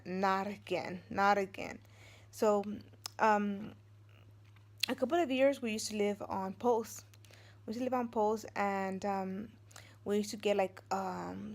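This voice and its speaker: A woman's voice: mid-range voice, vocal fry. A woman in her forties, a vlogger and mother of three, telling a story casually, rambling with many fillers and restarts and acting out what others said.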